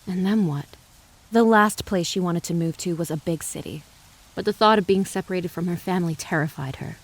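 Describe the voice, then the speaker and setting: A woman giving measured, dramatic audiobook narration of a western novel. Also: on the low side. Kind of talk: scripted narration.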